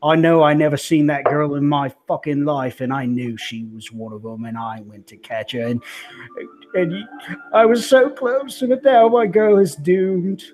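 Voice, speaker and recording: A man's voice: mid-range voice, little pitch movement, moderate pace, a little mellow, lightly acted. A man voicing a distraught middle-aged father who is desperate and pleading, close to breaking down. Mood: grieving.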